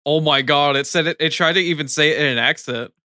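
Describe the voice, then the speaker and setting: Bright-voiced American man chatting on stream. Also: fairly high pitch, fast talker, smooth, dry recording, clean studio sound. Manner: chatty, reads chat aloud, laughs often. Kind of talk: casual live-stream chat.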